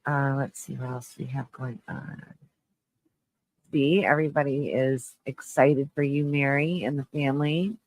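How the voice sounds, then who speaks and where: A man hosting a live stream, chatting with viewers in a low, shaky-voiced mood, halting and restarting as he rambles. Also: steady tone, no room sound, low-quality recording. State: shaky voice, close to tears. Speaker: livestream host.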